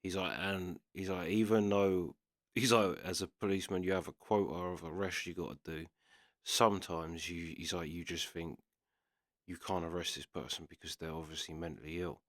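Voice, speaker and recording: Man, very low voice, casual storytelling, dry close sound. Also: steady tone, moderate pace, fairly bright tone, dry recording. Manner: retells a story with constant "he's like" quotes. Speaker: reaction video host.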